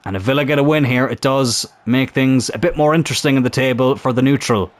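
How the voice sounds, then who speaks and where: A man commentating his own football video game match in a casual, chatty way, getting excited at big chances. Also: mid-range voice, fast talker. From Ireland.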